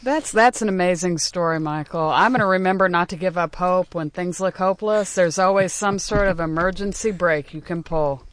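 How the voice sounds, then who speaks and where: A woman host with a fairly low voice. She teases her guests in a casual chat. The sound is dry and close. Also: normal speed, hardly any pauses, dry recording.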